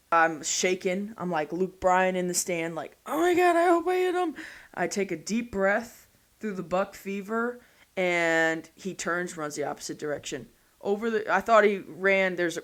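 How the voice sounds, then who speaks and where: A woman's voice: lowish voice, fairly bright tone. A woman in her thirties, a podcast guest, telling a story in a blunt, casual way and swearing freely.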